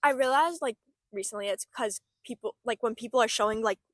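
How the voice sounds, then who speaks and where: A woman's voice: a little high, a little fast, a little hiss or hum. A young woman co-hosting a casual chat, reflective and full of "like" fillers. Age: young adult. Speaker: podcast co-host.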